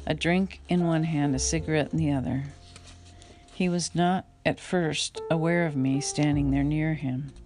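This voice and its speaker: A woman reading her memoir aloud in an unhurried, reflective way, now and then stopping to correct a slip. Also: low-pitched, darkish tone. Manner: unhurried, reflective, with occasional slips and rereads. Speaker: memoir reader.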